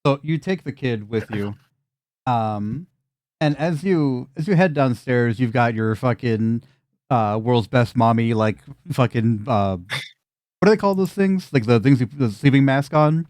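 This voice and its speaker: A man's voice: mid-range voice, measured pace, a little mellow, no echo. Man, game master, tabletop narration, casual swearing, dry sound. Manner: loose and laughing, swears casually.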